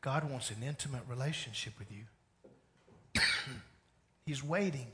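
A man preaching a sermon in a church, talking in a conversational, animated way and acting out bits of dialogue. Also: medium pitch, a little slow, long pauses, a little hiss or hum. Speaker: pastor. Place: church sanctuary.

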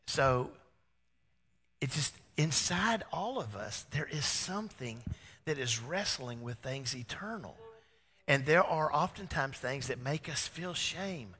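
Animated male pastor preaching in an echoey hall. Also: mid-range voice, takes it slowly, slightly rough. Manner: animated storytelling, acts out dialogue, swings from loud to hushed. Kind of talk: sermon.

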